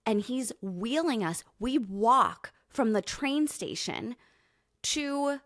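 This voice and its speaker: An animated American woman from California tells stories on a podcast, her pitch jumping around as she laughs through them. The sound is dry and close, with no room around her voice. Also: takes it slowly, no echo. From California, USA. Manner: animated storyteller, laughs often. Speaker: guest co-host. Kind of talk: casual podcast chat.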